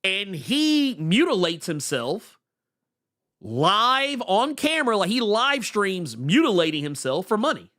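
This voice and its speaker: Lively high-voiced man chatting about comics. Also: a little slow. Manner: animated, stammering restarts. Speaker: podcast co-host. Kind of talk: casual comic book chat.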